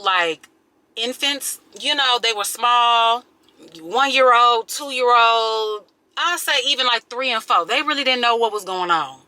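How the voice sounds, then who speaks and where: Woman in her 30s, bright ringing voice, chatty vlogger who rants animatedly. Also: dry recording. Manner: animated, exasperated ranting with rising pitch. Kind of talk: casual vlog chat. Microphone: small handheld pocket camera.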